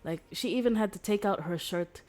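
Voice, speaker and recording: A woman's voice: mid-range voice, a little fast, a little mellow. A young woman streamer casually retelling a book's story, rambling with lots of fillers and restarts. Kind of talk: casual storytelling recap of a book.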